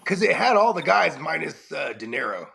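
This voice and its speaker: A man's voice: a little high, very animated, normal speed, vocal fry, bright, forceful tone, husky. A man in his forties co-hosting a casual chat, rambling and profane, laughing often, with a cold. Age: 40s. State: has a cold. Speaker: podcast co-host.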